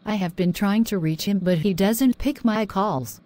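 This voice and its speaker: A woman's voice: medium pitch, normal speed, mellow, natural voice. A woman voicing a naive, trusting young Christian woman in an amateur animation, talking earnestly and pleadingly.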